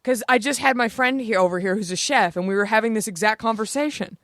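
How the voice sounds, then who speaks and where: A woman's voice: a little high, fast talker, a bit bright, dry recording, studio quality. A woman hosting a comedy podcast, upbeat and steering the chat. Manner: upbeat, leading the conversation. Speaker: podcast host. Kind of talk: casual chat.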